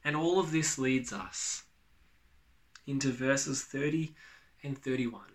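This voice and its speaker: A man's voice: medium pitch, slow. A man preaching a sermon to his church, earnest and emphatic, often repeating key phrases. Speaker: pastor.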